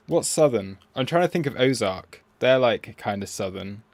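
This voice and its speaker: A man's voice: medium pitch, expressive, moderate pace, hardly any pauses, dry recording. Dry-sounding rambling male streamer. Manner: rambling, self-mocking, reads chat aloud. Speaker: crypto trading streamer. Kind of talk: casual live-stream chat.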